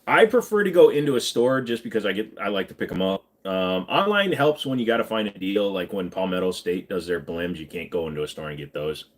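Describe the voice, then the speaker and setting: A man's voice: low voice, expressive, brisk, few pauses. A man hosting a casual livestream, answering viewer questions in a rambling, laid-back way and swearing casually. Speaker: livestream host.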